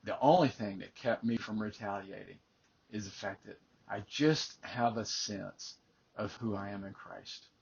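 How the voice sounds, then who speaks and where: Husky older man telling a faith story. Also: on the low side, a little slow, a little mellow, dull audio. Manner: earnest, repeats words when starting phrases. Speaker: life coach. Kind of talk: personal story, faith-based coaching talk.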